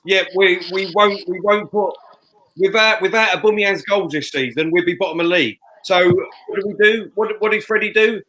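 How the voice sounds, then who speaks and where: A man, co-hosting a fan podcast, ranting loudly and emphatically. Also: high voice, normal speed, poor audio. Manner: loud, fuming, emphatic. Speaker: fan show co-host. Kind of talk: heated fan podcast rant. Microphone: headphones and studio mic.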